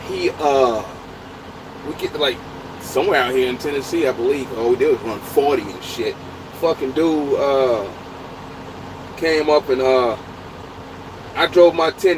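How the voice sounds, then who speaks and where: A truck driver telling a story in casual, profane, laughing talk. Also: male voice, medium pitch, background noise. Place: inside a truck.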